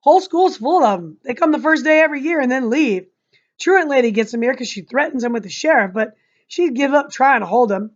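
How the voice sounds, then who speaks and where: A woman's voice: high voice, lively intonation, brisk, lo-fi sound, pitched above the performer's own voice. Woman doing a matter-of-fact older schoolboy. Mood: explaining.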